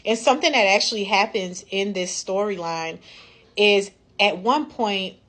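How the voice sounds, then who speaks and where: A woman chatting casually to camera about a book, talking the topic through and slipping into quick acted-out voices when she quotes people. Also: medium pitch, a bit bright. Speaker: book club member reviewing a book.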